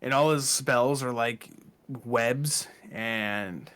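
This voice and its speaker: A man's voice: mid-range voice, very slow, smooth. Male co-host, easygoing chatter, mid-range voice. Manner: relaxed, chatty, with fillers and laughs. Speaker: podcast co-host. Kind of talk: casual chat.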